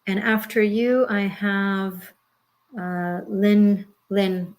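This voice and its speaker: A woman giving a live tarot reading, talking in a rambling, halting way with many fillers and restarts, gently reassuring and at times moved close to tears. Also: medium pitch, little pitch movement. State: emotional, near tears. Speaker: tarot reader.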